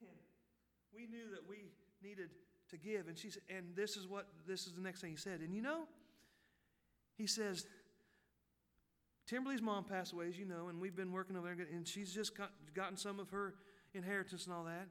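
A man tells a story from the pulpit in a high, bright, ringing voice. He drifts into hushed asides, then climbs into loud, fervent peaks. The sound carries the long reverb of a big church hall. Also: steady tone, fairly quick. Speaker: pastor. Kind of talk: sermon storytelling.

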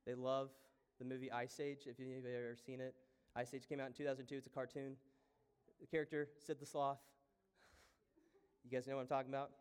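A male pastor preaching a sermon, moving from hushed, reflective lines to loud, fervent ones. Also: mid-range voice, little pitch movement, fairly quick, clean tone. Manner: impassioned preaching with wide swings from hushed to loud. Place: church sanctuary.

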